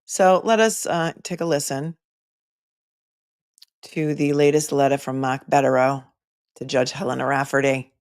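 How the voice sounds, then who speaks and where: A woman's voice: a bass voice, fairly even intonation, a little slow, pauses often, a little mellow, no room sound, clean studio sound. A woman hosting a casual livestream, chatting with viewers and making wry asides while she waits, talking into a phone. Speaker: livestream host. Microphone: phone microphone.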